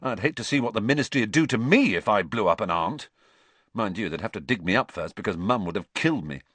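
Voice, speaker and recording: A man voicing a cheeky, joking teenage boy who talks in quick, teasing, excitable bursts. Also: fairly low pitch, no echo.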